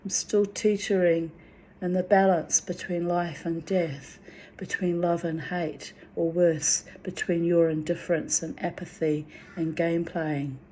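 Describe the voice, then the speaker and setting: Woman, low flat voice, dark tone, raw and profane monologue. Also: a little slow, slight background noise. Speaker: spiritual vlogger. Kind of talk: emotional monologue to camera.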